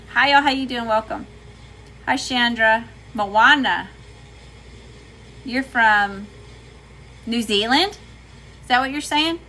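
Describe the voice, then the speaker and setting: A woman's voice: mid-range voice, heavy background noise. A chatty woman with a Southern US accent, doing a casual livestream tarot reading and greeting her chat. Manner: chatty, folksy, says y'all often.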